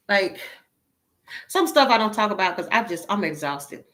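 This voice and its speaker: A woman's voice: mid-range voice, sing-song, brisk, fairly bright tone. A woman talking casually to her viewers as a tarot reader, sounding weary, exasperated and emotionally drained, blunt and swearing now and then.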